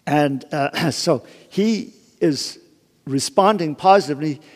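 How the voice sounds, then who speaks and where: A man's voice: fairly high pitch, slow pace. A man giving an informal sermon, retelling a Bible story conversationally, with many restarts and asides. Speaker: preacher. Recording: long hall reverb.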